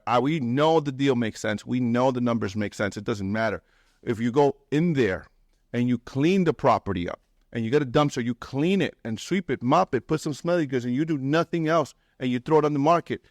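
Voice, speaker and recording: A man's voice: medium pitch, a little fast, dry recording, clean studio sound. A man speaking as a real estate investor and mentor to a live meetup audience, blunt and swearing, acting out other people's lines in a raised voice. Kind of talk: animated talk to a live audience. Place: meetup room.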